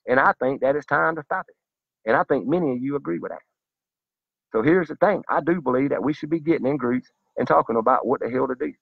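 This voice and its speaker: A man's voice: mid-range voice, vocal fry, dry recording, highs cut off. Fired-up profane man ranting. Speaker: vlogger. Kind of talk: impassioned monologue to camera.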